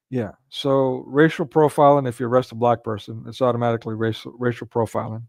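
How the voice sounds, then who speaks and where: A man's voice: medium pitch, little pitch movement, fairly quick, creaky, few pauses, darkish tone, no echo. A man hosting a casual livestream commentary, talking in a rambling way with frequent restarts and filler words. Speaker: livestream host.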